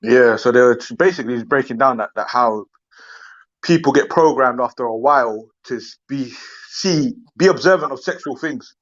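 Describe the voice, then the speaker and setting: A man's voice: medium pitch, moderate pace, muffled recording. A man talking casually on a panel, often stopping and restarting. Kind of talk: casual chat.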